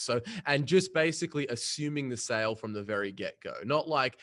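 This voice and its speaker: A man, a podcast guest telling punchy, energetic stories about his career in sales. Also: medium pitch, brisk, hardly any pauses. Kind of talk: casual storytelling interview.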